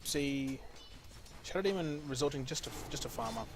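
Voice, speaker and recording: An Australian man doing play-by-play commentary on a video game match. He gets louder and faster as the fights heat up. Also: fairly high pitch, slight background noise. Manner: excitable, speeds up and gets loud in fights. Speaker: esports caster.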